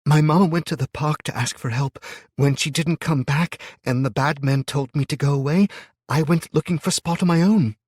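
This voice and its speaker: A shy little girl of about ten with a small, tearful voice that rises high and bright above the storyteller's usual tone, as a man puts her on. She can turn stubborn when she is talked down to. The recording is dry and close. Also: moderate pace, husky, no room sound.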